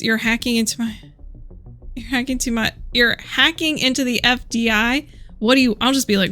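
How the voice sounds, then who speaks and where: A woman streaming a mystery game, jumpy and excitable, easily spooked as she plays. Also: a little high, fairly quick, soft background music. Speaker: gaming streamer. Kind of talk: let's play commentary.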